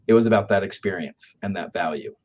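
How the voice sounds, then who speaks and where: A man with a lowish voice tells business anecdotes in an easy, conversational way and often tags his points with a quick "right?". The audio is dull and lo-fi. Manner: anecdotal, keeps asking "right?". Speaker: aftercare company speaker.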